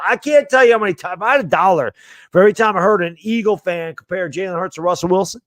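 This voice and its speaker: A man's voice: high-pitched, quick pace, dry recording. Exasperated man in casual sports chat. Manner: exasperated, rambling. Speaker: podcast co-host.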